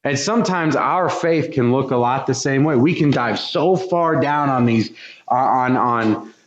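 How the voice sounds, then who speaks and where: Speaking unhurriedly in a mid-range voice, a man delivers an earnest sermon in a church sanctuary, building intensity through repetition. The recording sounds echoey and dull.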